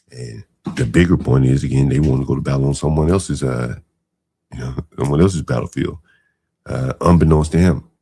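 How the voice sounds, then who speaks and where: Deep gravelly man, mocking commentary. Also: mellow. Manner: mocking, incredulous asides with frequent fillers. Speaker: podcast host reacting to clips. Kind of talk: casual commentary.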